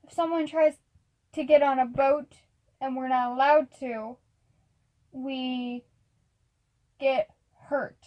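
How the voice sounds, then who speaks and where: High-voiced woman running a tabletop game. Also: fairly even intonation, a little mellow, poor audio. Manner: casual, halting narration with many fillers. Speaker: game master.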